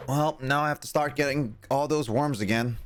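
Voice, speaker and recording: A man's voice: medium pitch, normal speed, faint music behind. A young man chatting casually while streaming a game, rambling, reading viewer messages aloud and laughing often. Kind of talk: casual live-stream chat while gaming.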